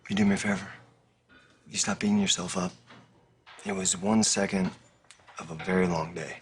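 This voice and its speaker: An actor playing a kind, steady friend in a TV drama, speaking in a gentle, reassuring, lightly teasing way. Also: male voice, sits low, moderate pace, vocal fry, a little hiss or hum, exaggerated voice. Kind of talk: TV drama acting.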